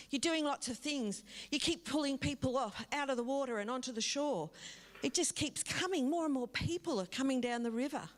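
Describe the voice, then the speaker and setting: A middle-aged woman giving a public talk as a guest speaker, telling a vivid story and speaking directly to the audience. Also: sits high. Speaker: guest speaker from a drug foundation.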